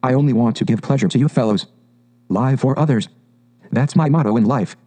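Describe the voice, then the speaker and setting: A man's voice: medium pitch, a little fast, warm tone, lightly acted. A man doing a pompous, boastful storybook toad. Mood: coaxing. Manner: pompous, gushing, exclamatory. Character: boastful excitable male toad, grand and wheedling.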